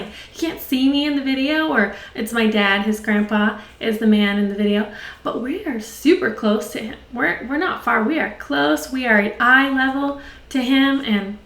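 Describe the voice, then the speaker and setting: A woman's voice: high-pitched, a bit bright. A woman speech therapist giving an upbeat, encouraging lesson to parents, laughing often. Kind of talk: instructional talk to parents. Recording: roomy sound, mic at a distance.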